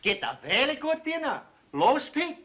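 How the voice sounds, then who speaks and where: A man's voice: very high-pitched, big pitch swings, measured pace, bright, forceful tone, exaggerated voice. An actor playing a touchy male ranch cook who talks in clipped, broken English in a 1950s TV western. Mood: pleased.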